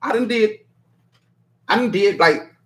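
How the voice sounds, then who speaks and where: A man with a fairly high voice hosts a casual live stream and reacts to viewer comments as they come in. He rambles loosely, circles back over the same phrases and breaks into laughter often. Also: expressive, unhurried, fairly bright tone, rough recording. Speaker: host of a live stream show.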